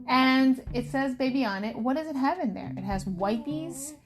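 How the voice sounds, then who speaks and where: A woman in her thirties talks casually to her viewers, lively and storytelling as she acts out friends and her husband. Her voice sits a little high. Music plays clearly behind her. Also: moderate pace. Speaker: vlogger. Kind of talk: casual chat to camera.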